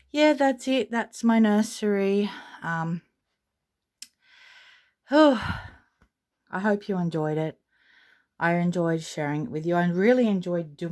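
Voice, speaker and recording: A woman's voice: lowish voice, mellow. A woman with an Australian accent gives a casual, gushing, rambling tour of her nursery at home, full of fillers. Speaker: vlogger.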